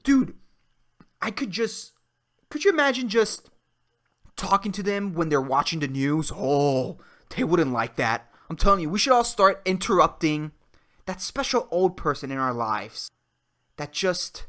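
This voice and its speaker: A man in his twenties hosting a solo podcast, ranting in a profane, excitable way and peppering his talk with "dude" and "man". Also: sits high, a little slow. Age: 20s. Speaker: podcast host. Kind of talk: solo comedic rant.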